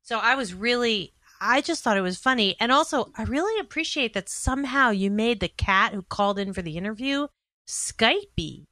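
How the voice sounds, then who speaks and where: A woman's voice: a little high, animated, normal speed, sharp tone, no room sound. A woman judging on a podcast, chatting in an effusive, enthusiastic way. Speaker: judge. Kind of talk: casual podcast chat.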